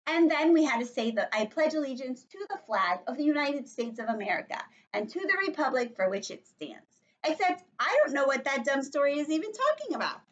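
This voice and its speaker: A woman voicing a loud, eager little schoolgirl who blurts things out, on a dull lo-fi recording. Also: fairly quick. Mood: excited. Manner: shrill and excited, shouting over others.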